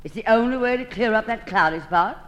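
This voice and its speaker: A woman's voice: fairly high pitch, fairly quick, highs cut off. A woman hosting an old-time radio comedy monologue, delivering it in a theatrical drawl and calling everyone darling.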